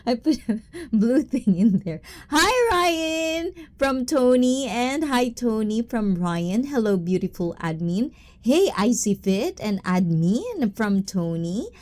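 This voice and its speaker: On her casual livestream, a woman greets her audience one by one, giggling, dropping catchphrases, and blending English with bits of Tagalog and Japanese in a bubbly, playful manner. Her mid-range voice is mellow, her intonation lively, and her pace slow.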